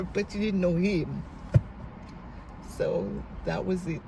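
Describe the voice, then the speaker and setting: Slow-talking, heartfelt middle-aged woman. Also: medium pitch, slight background noise, poor audio. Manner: heartfelt, tearful at times, retells dialogue; gives faith-based encouragement. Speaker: vlogger. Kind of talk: emotional storytelling vlog.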